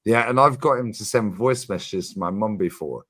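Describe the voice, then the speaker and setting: A man hosting a casual livestream chat, animated and emphatic, swearing freely and repeating his points. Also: lowish voice, moderate pace. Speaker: streamer host.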